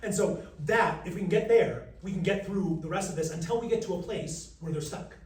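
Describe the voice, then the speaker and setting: An American man, a vocal coach, teaching a live workshop, joking with the room and demonstrating pitches and animal sounds. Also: brisk, a little mellow. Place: large room with an audience. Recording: roomy, distant mic, faint noise.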